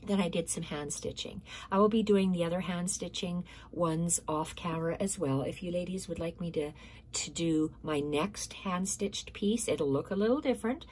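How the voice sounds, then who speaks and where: A woman's voice: fairly low pitch, normal speed, a little mellow, a little hiss or hum. A woman hosting a casual stitching tutorial, explaining step by step, repeating measurements and correcting herself, sometimes dropping to a near-whisper.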